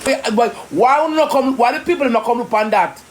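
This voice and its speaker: A woman with a Jamaican accent, ranting indignantly in rapid patois on a live stream. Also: on the high side, slight background noise. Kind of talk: heated live-stream rant.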